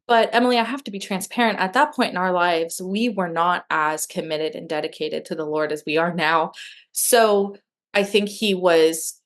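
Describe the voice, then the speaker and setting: A woman's voice: lowish voice, normal speed. A woman guest telling a personal story in a candid, emotional way, with many fillers and restarts. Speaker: guest sharing her adoption story. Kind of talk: conversational interview storytelling.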